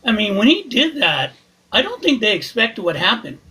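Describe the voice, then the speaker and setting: High, bright, husky-voiced panelist man. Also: huge pitch swings, normal speed, low-quality recording. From Southern California. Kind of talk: casual live podcast talk.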